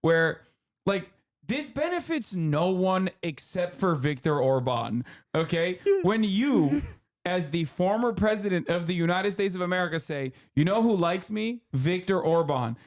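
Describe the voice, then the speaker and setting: A man hosting a stream, chatting casually with deadpan irony and swearing. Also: high voice, unhurried. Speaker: streamer host. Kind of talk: casual comedic chat.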